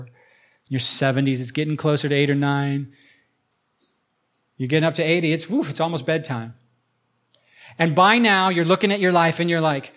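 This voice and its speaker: Slightly high-voiced male pastor preaching. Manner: conversational, acts out imagined voices. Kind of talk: sermon.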